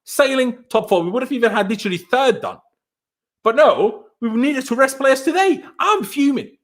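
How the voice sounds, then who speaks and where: A man's voice: very high voice, big pitch swings, brisk. A young man hosting a fan channel's post-match live stream, ranting in exasperation, repeating himself and bantering with viewers in chat.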